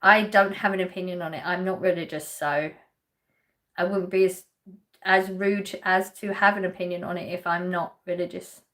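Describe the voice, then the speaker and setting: A woman's voice: lowish voice, level tone, normal speed, a bit bright. A woman from Essex with an Essex English accent, hosting a live stream and chatting casually as she reads out and answers viewer comments. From England. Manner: chatty, lightly laughing, answers chat questions directly.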